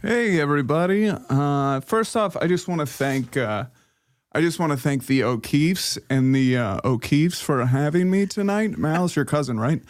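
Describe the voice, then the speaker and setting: A man plays a best man stumbling through a cheesy wedding toast. His voice sits a touch high and swings widely in pitch as he lurches from praise to jokes. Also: lively intonation, normal speed, natural voice. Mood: mock-sincere. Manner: fumbling, corny toast delivery. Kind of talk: comedic wedding toast bit.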